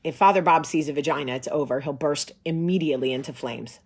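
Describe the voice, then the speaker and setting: Animated sarcastic woman telling a story. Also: sits low, quick pace, husky. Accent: New Jersey. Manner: animated, sarcastic, acts out voices. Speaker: host. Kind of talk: casual storytelling.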